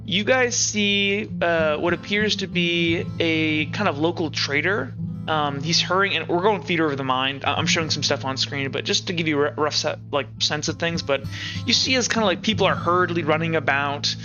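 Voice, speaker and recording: A man's voice: on the high side, normal speed, highs cut off, over music. A man narrating as game master of a tabletop game in a casual, rambling way.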